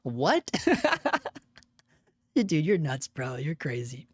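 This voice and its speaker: A man's voice: medium pitch, expressive, extremely slow, darkish tone, slightly rough, no room sound, clean studio sound. A man hosting a casual live stream, laid-back and profane, laughing often and calling people dude and bro. He has an unusual voice that he uses for cartoon work.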